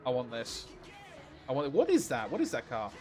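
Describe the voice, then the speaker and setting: A man reacting excitedly on a live stream, exclaiming and reading viewer questions. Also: medium pitch, a little fast, faint music behind.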